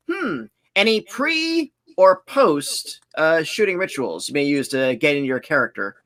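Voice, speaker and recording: A woman moderating a virtual fan panel, reading out questions with upbeat quick thanks and short affirmations. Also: sits low, sing-song, a bit bright. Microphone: video call.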